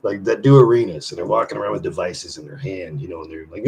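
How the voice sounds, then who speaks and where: A low-voiced man hosting a casual livestream, talking loosely to his viewers and swearing as he goes. His loudness swings between sudden bursts and mumbled asides. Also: lively intonation, moderate pace, creaky. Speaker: livestream host; semi-retired musician. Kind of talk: casual live chat.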